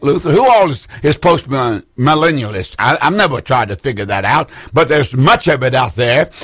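A man's voice: mid-range voice, fairly bright tone, no echo. An older man preaching a broadcast sermon from a studio, fervent and rambling, repeating his points for emphasis. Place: indoor studio room.

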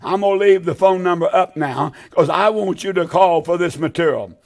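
A man's voice: high voice, normal speed, vocal fry. A man preaching a televised sermon, pleading fervently with his listeners and repeating his appeals over and over. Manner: fervent, pleading, repetitive exhortation.

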